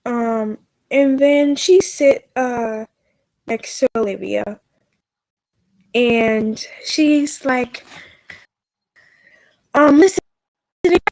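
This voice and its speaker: High-voiced woman narrating a tabletop game. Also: no room sound, low-quality recording. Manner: halting, full of fillers. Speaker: game master.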